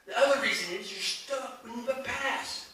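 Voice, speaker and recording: A man's voice: very high voice, moderate pace, sharp tone. Emphatic preaching man in an echoey hall. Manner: emphatic preaching, acting out quoted voices. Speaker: pastor. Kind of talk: sermon. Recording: echoey hall, mic at a distance, faint noise.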